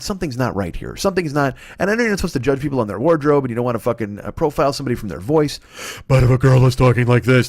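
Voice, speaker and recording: A man's voice: on the high side, dry recording. Profane rambling man, dry close mic. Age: 40s. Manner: profane, rambling, self-mocking. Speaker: comedy podcast host. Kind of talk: solo comedic rant.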